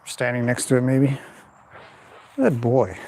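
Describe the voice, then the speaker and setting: Calm man coaching a horse. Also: medium pitch, slow pace, slight background noise. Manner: calm running commentary mixed with soft praise to the horse. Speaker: horse trainer. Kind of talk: explaining while training a horse.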